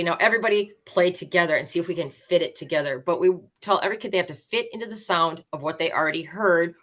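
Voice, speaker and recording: A woman in her fifties, a band director, explaining her teaching methods in an energetic, emphatic way as a podcast guest. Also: fairly low pitch. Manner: energetic, emphatic, acts out student voices.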